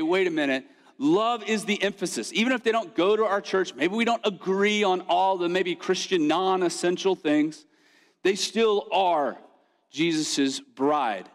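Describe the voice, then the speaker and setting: A man preaching a sermon as pastor, in a casual, conversational way with playful asides. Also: sits high. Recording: long reverb of a church hall.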